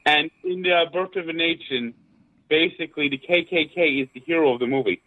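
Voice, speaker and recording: A man on a talk show talking in a halting way, with many fillers. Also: fairly high pitch. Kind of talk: call-in talk show chat. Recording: phone line.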